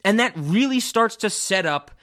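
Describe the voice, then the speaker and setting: Bright, eager man talking movies. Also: high voice, expressive, moderate pace. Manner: enthusiastic, rambling, swears casually. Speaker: podcast host. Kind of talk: casual film discussion. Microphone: remote podcast call, cameras off.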